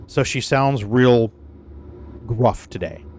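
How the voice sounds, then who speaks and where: Still shaking off the flu, a man laughs and coughs while chatting with his viewers on a relaxed gaming stream, cursing freely. He speaks slowly and expressively in a darkish, mid-range voice over slight background noise.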